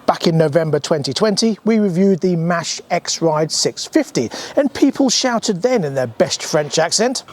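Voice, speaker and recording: A British man presenting a motorcycle review in a chatty, scripted walkthrough. His voice sits a touch high for a man, and he slips in dry asides and the odd um. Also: lively intonation, moderate pace, few pauses, a little hiss or hum. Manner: dry humour, chatty with filler ums. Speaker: motorcycle reviewer and channel host.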